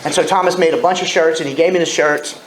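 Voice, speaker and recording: In a meeting room, a man in his forties shares his story at a recovery meeting, candid and self-deprecatingly funny. His voice sits on the high side, steady in tone, and he talks fast; the recording is echoey with faint ambience and a little hiss or hum.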